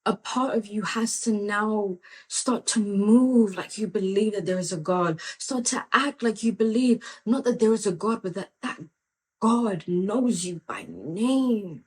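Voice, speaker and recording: A woman hosting a podcast, telling stories in a lively, conversational way and often dropping "like" and "you know" as she talks about faith. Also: mid-range voice, a little slow. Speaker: podcast host and faith mentor. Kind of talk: casual faith talk with storytelling.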